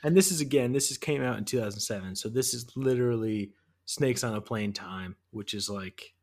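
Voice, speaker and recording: A man's voice: medium pitch, brisk, a little mellow. Enthusiastic man in casual podcast chat. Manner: enthusiastic, profane, rambling. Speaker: podcast co-host.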